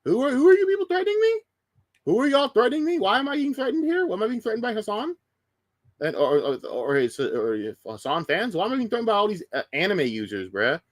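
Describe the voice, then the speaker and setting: A man's voice: very animated, no echo. A man voicing a confused, whiny young man who keeps asking why he is being threatened. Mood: bewildered. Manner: high-pitched, incredulous, rapid questions.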